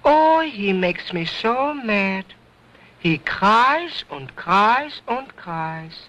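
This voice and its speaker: A man's voice: high-pitched, big pitch swings, drawn-out words, sharp tone, voice pushed up, full character voice. A man voicing a cheeky little boy ventriloquist dummy, wisecracking in broken English, on a dull lo-fi old recording. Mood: sassy.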